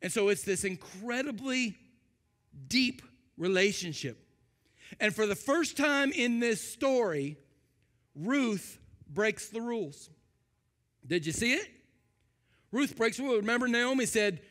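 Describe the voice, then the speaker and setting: A male preacher with a high voice delivers a lively sermon, acting out voices to get laughs. His voice rings through a large hall with a long reverb tail. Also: unhurried. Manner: animated, acts out voices for humor. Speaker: pastor.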